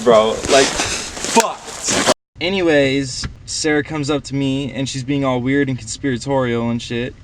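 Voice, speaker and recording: In casual film dialogue, a young man plays a party-goer telling a long story in a rambling, profane, slangy way full of fillers. His medium-pitched voice is close to an everyday voice, with slight background noise.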